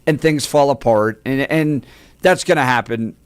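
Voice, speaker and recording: Measured man on talk radio. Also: medium pitch, clear, resonant tone, dry recording. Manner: measured, reflective, building his point step by step. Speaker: radio talk show co-host. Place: radio studio.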